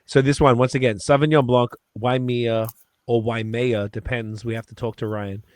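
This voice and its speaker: A man's voice: mid-range voice, flat delivery, normal speed, darkish tone, no echo. A man co-hosting a podcast in casual chat, rambling and swearing freely. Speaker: podcast co-host.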